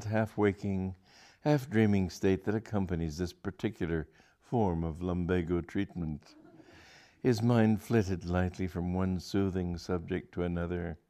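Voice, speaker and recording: A man's voice: low voice, darkish tone. A man reading a comic story aloud to an audience, with a dry, wry delivery.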